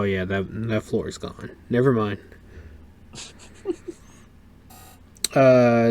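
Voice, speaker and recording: A man hosting a podcast, chatting casually and telling stories in an animated way, swearing freely and acting out what others said. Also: medium pitch. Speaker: podcast host. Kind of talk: casual chat, storytelling.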